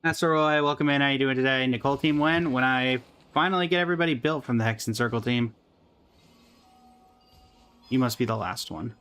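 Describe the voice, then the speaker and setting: A man livestreaming a game, talking in a relaxed, chatty way to his viewers. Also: medium pitch, brisk, long pauses, clean tone, soft background music. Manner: relaxed, chatty, talks to chat. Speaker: streamer. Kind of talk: casual game livestream chat.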